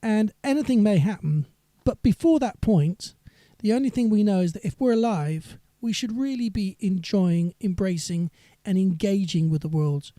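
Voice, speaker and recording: A man's voice: high voice, moderate pace, hardly any pauses, warm tone, no room sound, studio quality. A singer-songwriter man chatting on a live stream between songs, rambling and reading viewer comments aloud.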